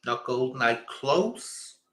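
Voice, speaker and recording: A man's voice: mid-range voice, sing-song, slow pace, bright, forceful tone. A man hosting a quiz on a livestream in casual chat, theatrical and grand in a self-mocking way, calling his listeners darling. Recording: echoey room.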